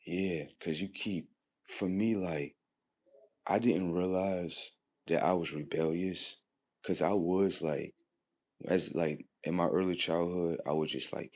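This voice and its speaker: A man with a very low voice and a husky, grainy edge talks casually to his livestream. He rambles and repeats himself, swears often, and shifts between low muttering and louder, punchier bursts. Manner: rambling, repetitive and profane, drifting between muttering and loud emphasis. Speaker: livestream host.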